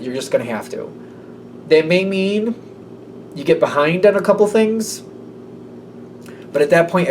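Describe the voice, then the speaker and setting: A tarot reader with a medium-pitched, slightly mellow voice delivers a loose, rambling reading, now and then slipping into small acted voices. It's recorded on a slightly distant mic with faint background room noise.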